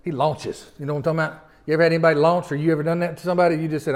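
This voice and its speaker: Give me an animated male preacher with a fairly high voice who keeps quizzing his listeners. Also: racing. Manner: animated, asks the congregation questions. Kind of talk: sermon.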